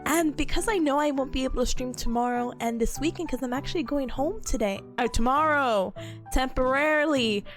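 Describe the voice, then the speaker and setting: A woman streamer chatting casually, her voice a little sick and hoarse, animated and laughing often. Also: sits high, a little fast, soft background music. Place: small rented room indoors. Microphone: streaming setup with headphones on.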